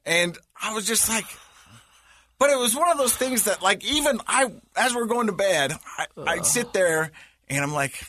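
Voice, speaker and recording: A man in his forties hosting a casual podcast chat, telling stories with a lively, laughing manner. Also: high voice, moderate pace, no room sound. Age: 40s. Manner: animated storytelling, laughs often. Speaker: podcast host.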